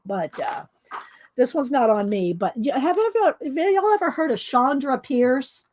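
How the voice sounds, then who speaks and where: A woman's voice: sits high, lively intonation, unhurried, a little mellow, a little hiss or hum. A woman hosting a coloring video, casually telling rambling stories to her viewers with fillers and laughs. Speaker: adult coloring video host.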